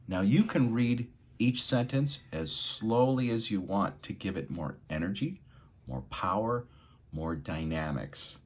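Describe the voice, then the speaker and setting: Deep husky-voiced man teaching expressive reading. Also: measured pace. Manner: expressive, swings between quiet and loud. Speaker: English reading tutor. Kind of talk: energetic spoken lesson with read-aloud demos.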